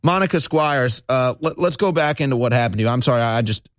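A male talk show host delivering a heated, agitated monologue, swinging between low intensity and shouting. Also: animated, fast, dry recording, clean studio sound.

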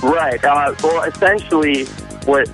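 A man's voice: a little high, unhurried, fairly bright tone, soft background music, poor audio. A man calling in to a radio show, earnestly running through his points. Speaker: caller. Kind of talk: phone-in call.

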